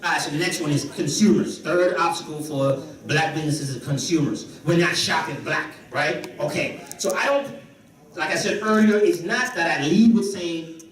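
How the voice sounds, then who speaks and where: A man from the Caribbean gives an animated conference talk on business, bantering with the crowd. His voice sits high for a man. He is heard from a distance in a very echoey hall. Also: normal speed. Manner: animated, joking with the audience. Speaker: conference speaker.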